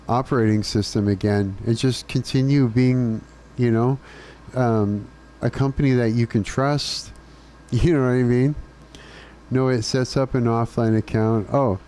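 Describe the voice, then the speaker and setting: Casual streamer guy, profane ranting, mellow low tone. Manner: ranting, profane, laughing often. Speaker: live streamer. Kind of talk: casual chat with live chat.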